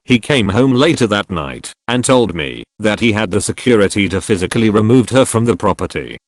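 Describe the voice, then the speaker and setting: Synthetic male narrator for online stories, low-pitched, lively intonation, dry close sound. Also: brisk, no echo. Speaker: narrator reading online posts. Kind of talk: scripted narration.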